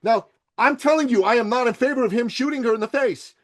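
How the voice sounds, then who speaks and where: A podcast guest, a man who grew up in Iran, speaks plainly with no accent. His voice sits high for a man, and he talks bluntly, with strong opinions and frequent swearing, dropping to quiet asides between louder stretches. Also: fast talker. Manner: blunt, swears freely, shifts from loud to quiet. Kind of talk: forceful opinionated interview talk.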